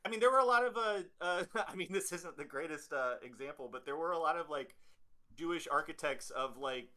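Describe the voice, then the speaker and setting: A man's voice: a little high, brisk, pushed and bright. A man from the chatting casually on a stream, rambling with frequent restarts and laughs. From Southern United States. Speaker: stream guest. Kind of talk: casual chat.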